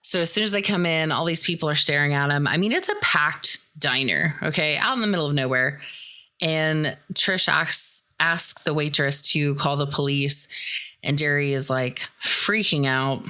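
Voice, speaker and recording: A woman's voice: low voice, moderate pace, bright, forceful tone. A woman from the Midwestern US hosting a podcast, recapping a film in a chatty, sarcastic way with plenty of swearing. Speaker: podcast host. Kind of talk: casual movie recap commentary.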